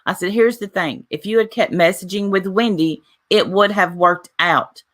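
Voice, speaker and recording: A woman's voice: mid-range voice, normal speed, fairly bright tone. A woman vlogging casually, retelling a dispute with lots of "I said, she said" and reading messages aloud. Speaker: YouTuber. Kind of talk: casual vlog monologue.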